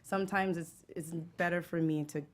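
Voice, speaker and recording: A woman actress chatting in an interview, lively and animated. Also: fairly low pitch, normal speed. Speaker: actress guest. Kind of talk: casual interview chat.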